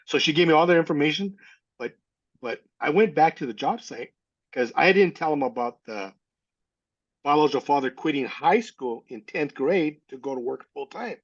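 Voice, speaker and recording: A man's voice: on the high side, animated, normal speed, slightly rough, dull audio. A man in his sixties from California, a guest telling a rambling personal story and acting out the dialogue. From California, USA. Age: 60s. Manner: rambling retelling, acts out quoted dialogue. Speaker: interview guest. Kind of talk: casual storytelling.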